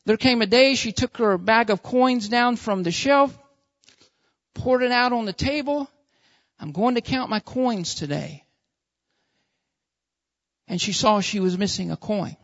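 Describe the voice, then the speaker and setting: A man's voice: very high voice, normal speed, a bit bright. A male pastor delivers a sermon, returning to the same phrases and posing rhetorical questions. The recording is dull and lo-fi, with a dry sound and no room echo. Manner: repetitive preaching with rhetorical questions.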